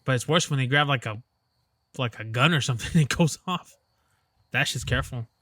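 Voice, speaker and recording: Man, casual podcast co-host, rambling, hesitant, middle pitch, dry close mic. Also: a little fast, pushed and bright, no room sound. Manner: rambling, hesitant, lays out hypothetical scenarios. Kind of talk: casual chat.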